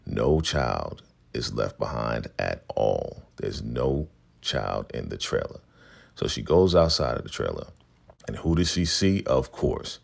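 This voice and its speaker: A man's voice: rumbling low, sing-song, slow pace, vocal fry. A man hosting a casual vlog, chatting through a drama episode and acting out the scenes. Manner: chatty, acts out scenes in voices. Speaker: recap host.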